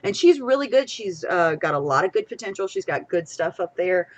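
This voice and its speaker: A young woman, talking casually on a live stream. Her voice sits a little low, and she rambles excitably, jumping from loud bursts to soft asides. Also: a little fast. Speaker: podcast co-host.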